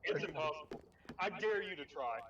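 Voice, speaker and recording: A young man tells rowdy school stories, swearing and laughing as he goes. His voice sits high and jumps around a lot. The recording is dull and distant, with a crowd heard behind him. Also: lively intonation, fairly quick. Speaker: storyteller. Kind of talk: casual chat, swapping school stories. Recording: muffled, distant, crowded room.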